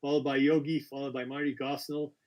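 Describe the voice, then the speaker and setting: A man's voice: medium pitch, flat delivery, fairly quick, a little mellow. A man hosting a live-stream quiz, reading out questions with chatty, apologetic asides and frequent self-corrections. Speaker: quiz host.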